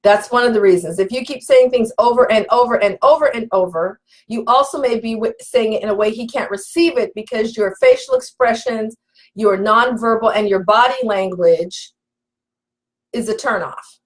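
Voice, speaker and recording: A woman's voice: a little high, animated, normal speed, low-quality recording. Emphatic woman coaching a live stream audience. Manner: emphatic and preachy, repeats key points, calls to viewers. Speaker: relationship coach. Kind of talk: live-stream teaching, reading viewer comments.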